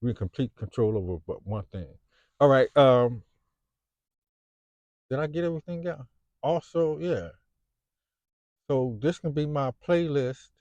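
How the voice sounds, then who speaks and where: A man's voice: medium pitch, measured pace, pauses often, darkish tone, no room sound, highs cut off. A man in his fifties with a Chicago accent, talking to camera in a rambling, unscripted monologue. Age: 50s. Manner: rambling, frequent fillers and restarts. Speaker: vlogger.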